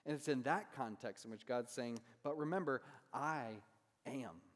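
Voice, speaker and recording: Conversational preacher in a reverberant hall. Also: male voice, medium pitch, a little slow. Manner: conversational, asks "right?" often. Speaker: pastor. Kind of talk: sermon.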